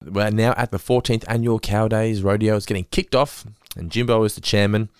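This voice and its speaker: A man's voice: on the low side, fairly even intonation, fairly quick, darkish tone, clear, resonant tone, no echo, faint music behind. A man hosting a podcast, casually recapping an episode with laughs and the odd swear. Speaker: podcast host.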